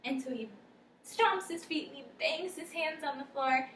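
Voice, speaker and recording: A young woman casually retelling a folktale as a storyteller, with animated, loose character voices. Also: sits high, normal speed, a little hiss or hum. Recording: echoey room from a distance, faint ambience.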